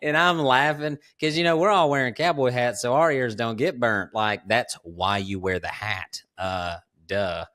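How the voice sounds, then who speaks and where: A man's voice: mid-range voice, measured pace, few pauses. Laid-back drawling man telling stories. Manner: laughs often, drawling, relaxed storyteller. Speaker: podcast host. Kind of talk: casual storytelling chat.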